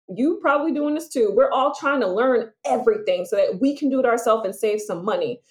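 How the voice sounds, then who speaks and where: A woman with a fairly high voice hosts a casual solo podcast as a business coach. She's chatty and lively, laughing often as she talks.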